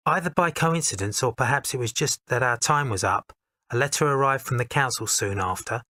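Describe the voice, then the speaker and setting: Man reading his own memoir audiobook, steady middle voice, heartfelt and honest, dry close mic. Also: medium pitch, dry recording. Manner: measured, heartfelt, candid.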